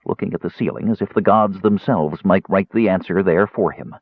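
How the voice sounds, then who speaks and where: A man narrating a fantasy audiobook in an expressive, scripted style, on a tinny, dry recording. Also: sits low, a little fast, breathy edge, dry recording. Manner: expressive, voices characters.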